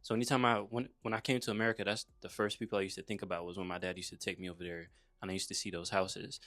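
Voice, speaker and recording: A man's voice: low-pitched, little pitch movement, rapid-fire, fairly bright tone, dry recording. A young man from Saint Croix telling his life story in a casual, laid-back way, full of slang like "bruh" and "you feel me". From Saint Croix, US Virgin Islands. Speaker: motivational vlogger.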